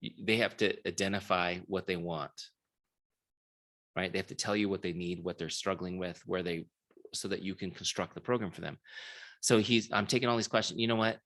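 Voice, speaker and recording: A man with a low, steady, fairly bright voice speaks at a fairly quick clip. He's a software founder running a live online sales training over video, telling stories, acting out quoted dialogue and often checking in with his audience.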